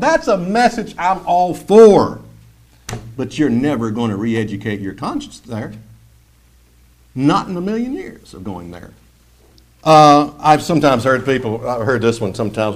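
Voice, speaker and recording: Animated high-voiced male preacher. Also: normal speed. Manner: animated, mocking impressions of churchgoers. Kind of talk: sermon.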